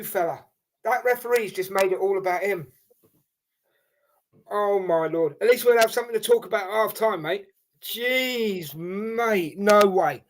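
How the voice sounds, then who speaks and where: A man hosting a live football watchalong, reacting with animated exasperation and calling everyone "mate". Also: sits high. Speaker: watchalong host.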